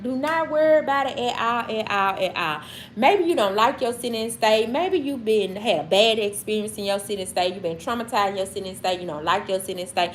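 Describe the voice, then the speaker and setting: Woman, Mississippi Southern accent, livestream host chatting to viewers, lively swinging pitch, slightly high voice, repetitive preachy delivery, faint background hum. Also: a little fast. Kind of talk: casual livestream talk to chat.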